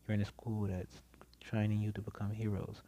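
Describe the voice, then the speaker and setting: A man's voice: on the low side, monotone, normal speed, mellow, slight background noise, lightly acted. A man voicing a stern, sleepy, blunt adult male teacher in a casually told fan story, speaking curtly and dismissively. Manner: curt and dismissive.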